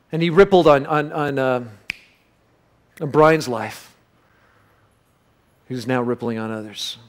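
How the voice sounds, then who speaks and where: A man preaching a sermon, telling a lively story with sudden loud bursts and then dropping to a soft, low voice for reflective points. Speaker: pastor.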